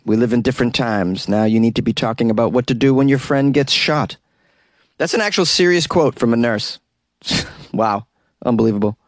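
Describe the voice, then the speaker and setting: A man's voice: medium pitch, normal speed, no echo, studio quality. A man hosting a radio talk show, reading news stories and adding wry, sarcastic asides in a casual way.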